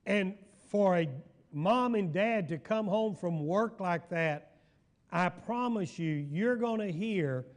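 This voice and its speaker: An older pastor teaches a church Bible study in a folksy storytelling manner. His voice sits high for a man, and he speaks at an unhurried pace. He keeps stopping to ask the room whether they follow him. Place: church hall.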